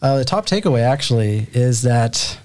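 A man's voice: medium pitch, expressive, moderate pace, darkish tone. A man co-hosting a podcast in loose, rambling casual chat, swearing now and then. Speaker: podcast co-host.

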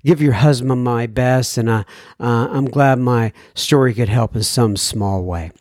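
A man's voice: medium pitch, unhurried, a little mellow, no room sound. Earnest male podcast host, dry sound. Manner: earnest and encouraging, with frequent fillers. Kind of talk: reading and answering listener emails.

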